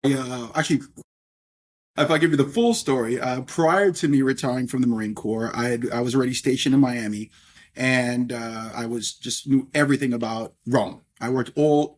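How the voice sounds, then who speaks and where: A middle-aged man speaks as a podcast guest with a husky voice. He tells stories in a rambling, chatty way and often tacks on "if you will". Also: medium pitch, normal speed. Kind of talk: casual storytelling interview.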